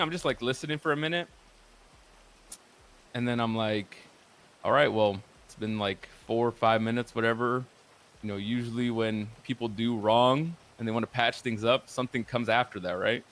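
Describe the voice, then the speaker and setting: This man speaks in a mid-range, slightly bright voice. He's a roleplay streamer telling a loose, profane, filler-heavy story about what happened in a roleplay game.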